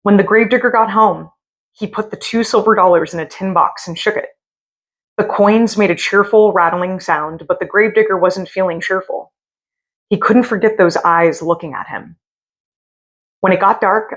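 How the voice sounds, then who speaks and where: Woman reading spooky stories in a hotel room, lowish voice, drags words out for effect. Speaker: storyteller.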